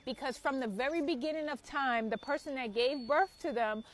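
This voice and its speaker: A woman's voice: sits high, brisk, slight background noise. A woman delivering an impassioned spiritual message as a mother. She preaches with emphasis, swears freely and fires off rhetorical questions. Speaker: spiritual content creator and mother.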